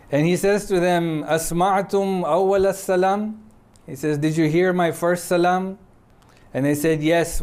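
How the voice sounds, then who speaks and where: A man giving a sermon as a conversational story, often checking in with listeners and reciting Arabic lines quickly. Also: on the high side, darkish tone, clean tone. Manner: conversational, frequent checking "yeah?" with audience; quotes Arabic passages swiftly. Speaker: preacher.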